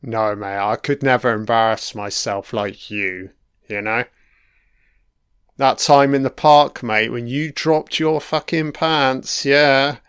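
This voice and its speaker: This film commentator takes it slowly, his mid-range voice steady, smooth, and a bit bright. He mocks a TV episode as he watches along, heckling the on-screen characters with plenty of profanity. The sound is clean studio audio without any room sound.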